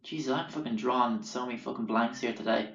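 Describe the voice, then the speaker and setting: A man's voice: mid-range voice, fast. A man hosting a podcast, rambling through sweary anecdotes and acting out the people he quotes. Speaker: podcast host. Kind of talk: casual storytelling. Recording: roomy, dull lo-fi sound.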